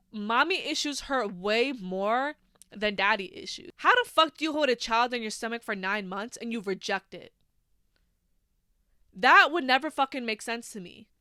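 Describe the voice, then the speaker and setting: Bright, frank young woman podcaster. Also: medium pitch, clear, resonant tone, no echo, clean studio sound. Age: 20s. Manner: frank and heavily profane, full of "like" fillers. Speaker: podcast host. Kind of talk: candid solo podcast monologue.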